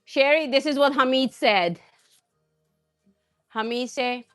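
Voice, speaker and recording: A woman's voice: high voice, slow pace, pauses often, fairly bright tone, soft background music. A woman hosting a cooking live stream, chatting casually and answering viewer comments with frequent laughs. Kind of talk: casual chat while cooking.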